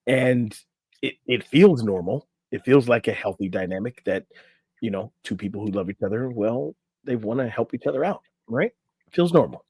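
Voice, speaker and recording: A male relationship coach at a middle pitch, chatting casually on a podcast. He reads passages from an article and keeps breaking off for his own asides. His voice is recorded close and dry, with no room sound. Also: animated, normal speed, darkish tone, slightly rough, no echo. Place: in a room on camera.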